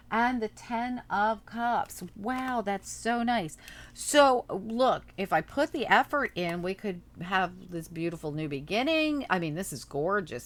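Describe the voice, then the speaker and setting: Chatty woman reading tarot cards. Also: lowish voice. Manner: chatty, animated exclamations, thinking aloud. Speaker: tarot reader. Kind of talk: casual tarot reading monologue.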